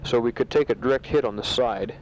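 A man who is a soldier, recording a casual spoken letter home from a sandbag bunker, talking matter-of-factly with a halting delivery full of fillers, on a dull home tape recording. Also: mid-range voice, darkish tone, slight background noise. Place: sandbag bunker in a war zone.

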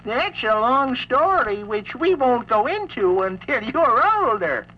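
A woman's voice: on the high side, big pitch swings, slow, heavily acted. A woman voicing a sly male wolf putting on a frail old granny voice, with a slangy, drawling, evasive way of wisecracking on a comic storybook record. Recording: dull lo-fi vintage record with faint hiss.

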